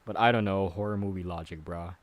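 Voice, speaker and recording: A man's voice: deep voice, steady tone, a little fast. A man streaming a casual movie recap, rambling with many fillers and growing exasperated.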